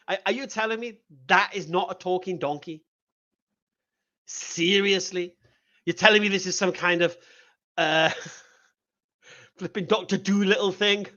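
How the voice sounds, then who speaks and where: High-voiced sarcastic man. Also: normal speed, pauses often, dull audio. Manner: animated, mocking, sarcastic storytelling. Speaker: host. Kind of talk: live call-in debate stream.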